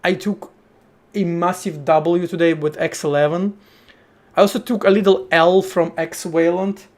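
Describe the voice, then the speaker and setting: Slow-talking man live-coding on stream. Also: high voice, fairly even intonation. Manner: slangy, swears freely, thinks aloud in short bursts. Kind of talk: casual live-stream chat while programming.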